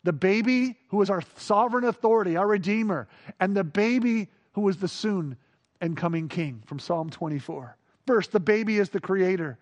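High-voiced man preaching a sermon. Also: moderate pace. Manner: animated preaching, shifts from hushed awe to playful emphasis. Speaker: pastor.

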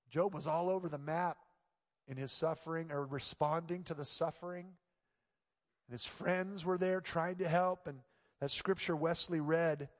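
A middle-aged male pastor tells a story from the pulpit, his voice sitting high and swelling into loud, pleading cries. The sound rings with the long reverb of a church sanctuary. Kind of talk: sermon.

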